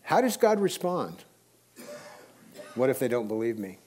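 A man preaching a sermon in a relaxed storytelling way, with sudden emphatic rises. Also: mid-range voice, unhurried, slight background noise.

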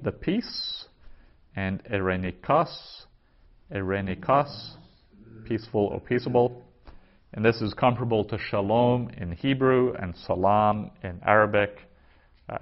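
A man with a fairly low voice teaches a vocabulary lesson, saying each term slowly and twice before he explains it. The recording is dull and lo-fi. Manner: slow, careful pronunciation with repetition. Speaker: Greek teacher.

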